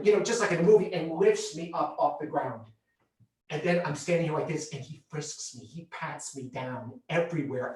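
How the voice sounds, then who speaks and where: A man performing a one-man stage show, telling his story with vivid, expressive delivery in a slightly raised pitch. The sound is very echoey, caught from back in a large theatre. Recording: roomy theatre heard from a distance.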